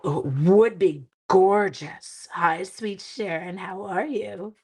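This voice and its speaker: A woman from Canada, slightly hoarse with a cracking voice, chatting casually and teasing herself as she hosts a papercraft live stream for her viewers. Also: medium pitch, takes it slowly, darkish tone. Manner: chatty, self-mocking, talks to viewers while working. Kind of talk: casual live-stream chat while crafting.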